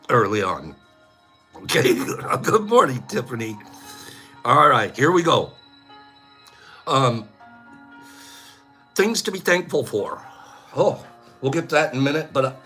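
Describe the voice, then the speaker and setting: Older guy vlogging, chatty storyteller, bright voice that swings up and down, slow talker. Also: medium pitch. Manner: chatty, laughs often, tells stories with animated quoting. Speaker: vlog host. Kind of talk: casual live-stream chat.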